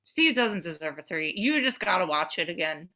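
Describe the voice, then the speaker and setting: Bright-voiced woman, animated chatter. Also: normal speed. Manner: animated, swearing, jumps between pitch levels. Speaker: podcast co-host. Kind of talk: casual chat.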